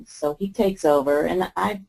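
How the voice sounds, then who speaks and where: A woman's voice: lowish voice, unhurried, gravelly, darkish tone, breathy edge, full character voice, rough recording. A woman voicing an upset young wife who vents her frustration to a friend in an improvised role-play. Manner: venting, frustrated.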